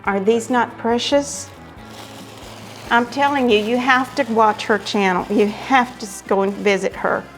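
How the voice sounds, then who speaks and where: A woman hosting a craft vlog, gushing with excitement as she opens mail from friends. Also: a little high, a little slow, soft background music. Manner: gushing, effusive exclamations. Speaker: craft vlogger host. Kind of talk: casual chat, unboxing mail.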